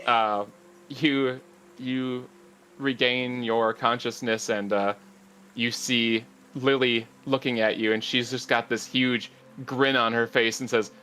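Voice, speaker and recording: A man narrating a tabletop game as game master, relaxed and chatty with many fillers. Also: medium pitch, slow pace, a little hiss or hum.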